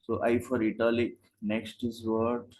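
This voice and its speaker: A man's voice: medium pitch, completely flat delivery, unhurried, darkish tone, poor audio. A man teaching a live online coding class, explaining in short steps and asking rhetorical questions. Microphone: video call.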